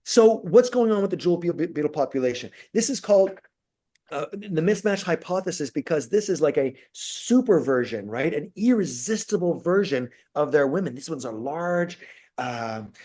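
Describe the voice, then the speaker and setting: A man who lectures at a university, a podcast guest telling stories with lively, acted-out asides. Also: on the high side, normal speed. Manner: animated storyteller, acts out quotes. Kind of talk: casual interview.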